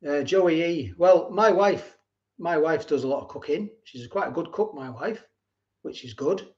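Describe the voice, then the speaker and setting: This livestream host, a middle-aged man, answers viewer comments in a rambling, repetitive way during a casual live chat. His voice sits on the high side with a darkish tone, delivered at an ordinary pace, and the recording sounds dull and lo-fi.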